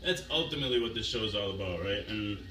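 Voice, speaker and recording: A man's voice: on the low side, fast talker, background noise. Rambling, giggly man in an echoey room. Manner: rambling, giggly, trails off, mumbles. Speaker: vlog host. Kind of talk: casual rambling monologue. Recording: echoey room, distant mic, music behind.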